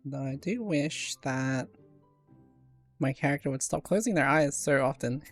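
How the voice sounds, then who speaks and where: A woman's voice: extremely low pitch, measured pace, faint music behind. A woman streamer reading dialogue aloud during a live game playthrough, laughing often.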